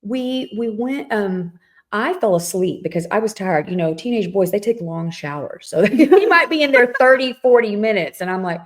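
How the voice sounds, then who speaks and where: A middle-aged woman talks casually as a podcast co-host, telling a long personal story. She voices the people in it as she goes, with lots of fillers and restarts. Her pitch sits in the middle for a woman. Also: moderate pace. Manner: animated storyteller, acts out quoted dialogue.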